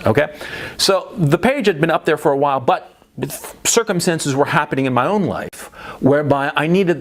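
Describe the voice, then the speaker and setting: A man holding forth in a casual vlog monologue, his pitch swinging widely from phrase to phrase. He is blunt and profane, hammers his points home by repeating them, and keeps checking in with his listener. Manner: blunt and profane, tag questions. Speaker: vlogger.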